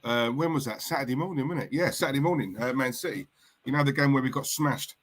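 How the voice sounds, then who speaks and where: A man hosting a casual fan livestream, chatty and jokey as he greets viewers and gives shout-outs. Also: medium pitch, fast talker. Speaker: livestream host.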